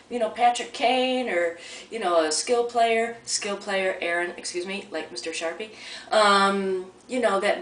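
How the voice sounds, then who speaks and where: A woman's voice: medium pitch, slight background noise. A woman casually telling a personal story at home in a chatty, rambling way, often restarting her sentences. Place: at home, near a coffee maker. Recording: roomy sound from a distant mic.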